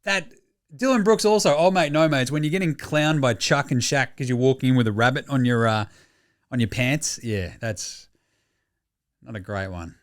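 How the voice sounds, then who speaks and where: An Australian man with a mid-range voice speaks at normal speed while hosting a sports podcast. The talk is casual, animated and jokey, with plenty of swearing.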